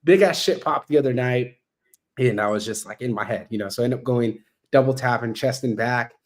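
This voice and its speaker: A man talking as a guest on a podcast, blunt and animated, swearing constantly and acting out the voices of people in his stories. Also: mid-range voice, a little fast. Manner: heavy swearing, blunt and animated, acts out quoted exchanges. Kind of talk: casual podcast conversation.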